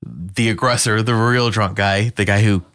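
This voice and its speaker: A man telling a story in a casual podcast chat, swearing freely, laughing often and shouting when he quotes himself. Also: on the low side, moderate pace.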